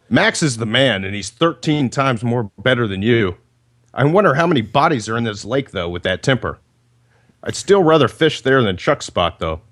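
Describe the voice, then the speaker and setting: A man reads roast jokes slowly and deliberately, his pitch swinging widely from line to line. He chuckles between the jokes, and his voice comes through a choppy internet call. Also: big pitch swings, a bit bright. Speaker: caller reading roast jokes. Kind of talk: reading prepared roast jokes, laughing at his own lines.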